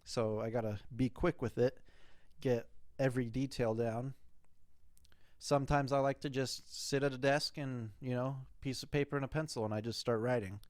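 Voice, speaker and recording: A man's voice: mid-range voice, steady tone, normal speed, dry recording. Young man rambling loosely, dry sound. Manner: loose and rambling, with fillers and swearing. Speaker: host answering listener questions. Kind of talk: casual chat.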